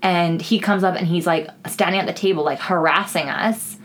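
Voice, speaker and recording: A woman's voice: on the low side, normal speed, slight background noise. A young woman co-hosting a podcast, telling stories in a casual, chatty way, full of "like" fillers and swearing. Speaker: podcast co-host. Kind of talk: casual chat.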